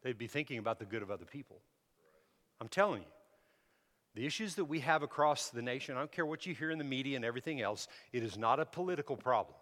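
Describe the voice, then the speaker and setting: A man preaching a sermon, shifting from relaxed storytelling to loud, emphatic exhortation. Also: mid-range voice, quick pace. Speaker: pastor. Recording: hall reverb.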